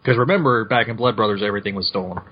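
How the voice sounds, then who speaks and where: A husky, slightly breathy man hosts a podcast, walking through a comic issue in loose, rambling chat. He corrects himself and laughs often. The audio is muffled and lo-fi. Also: lowish voice, rapid-fire. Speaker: podcast host. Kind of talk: casual chat recapping a comic.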